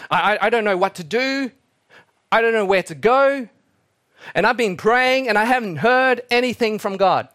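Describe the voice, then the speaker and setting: A woman's voice: fairly high pitch, lively intonation, normal speed, a bit bright, voice pushed up. Male preacher doing a frustrated, anxious daughter, raised and pleading. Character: frustrated teenage daughter pleading with her dad.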